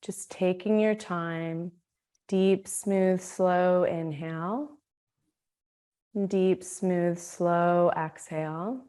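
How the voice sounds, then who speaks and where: A woman leads a guided meditation with a calm, soothing delivery. Her voice sits fairly low and she takes her time, leaving words room to settle. The tone stays gently inviting throughout. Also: drawn-out words, clear, resonant tone. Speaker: meditation teacher. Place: Australia.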